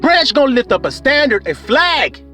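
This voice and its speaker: Fervent high-voiced male preacher. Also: big pitch swings, moderate pace, soft background music. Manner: fervent, call-and-response preaching with whoops and shouts. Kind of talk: sermon.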